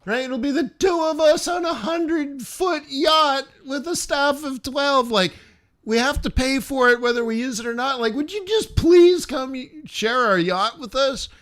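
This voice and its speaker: A man's voice: a little high, big pitch swings, takes it slowly, long pauses, fairly bright tone, exaggerated voice. A man putting on the voice of a pushy rich friend who begs you to join him on his yacht, gushing and coaxing. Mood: pleading.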